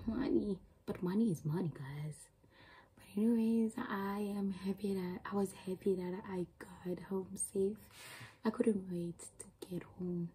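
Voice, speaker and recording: In this poor-quality clip, a young South African woman vlogs an emotional storytime for her YouTube channel, rambling and starting over many times. She speaks at a normal speed in a medium-pitched, dark voice with a breathy edge.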